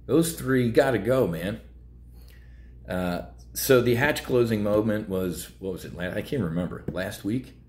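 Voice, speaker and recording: Blunt low-voiced man. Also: measured pace, a little mellow. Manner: blunt, heated, rambling with fillers. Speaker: trading show host. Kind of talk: casual market commentary.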